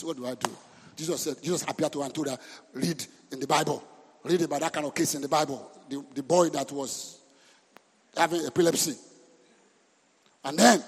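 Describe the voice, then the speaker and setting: A man preaching a sermon as pastor, lively and breaking into sudden shouts. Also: on the high side, slightly rough. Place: church hall. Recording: reverberant church hall.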